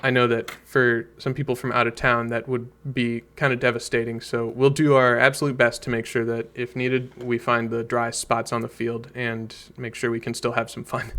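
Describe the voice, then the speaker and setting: A man's voice: medium pitch, monotone, normal speed, few pauses, a bit bright. A man hosting an online meeting for a game event, friendly and easygoing as he answers questions. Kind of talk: casual meeting talk.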